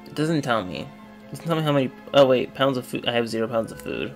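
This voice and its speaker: A young man giving casual, rambling commentary over a retro game, swinging from mumbling asides to loud excited outbursts. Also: medium pitch, brisk, vocal fry, soft background music. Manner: rambling, excitable, yelps and laughs when the game goes wrong. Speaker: gaming video creator.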